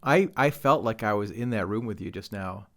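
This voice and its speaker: A man's voice: fairly low pitch, moderate pace. A man hosting a podcast, asking questions and reacting with brief interjections. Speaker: podcast host. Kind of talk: casual interview chat.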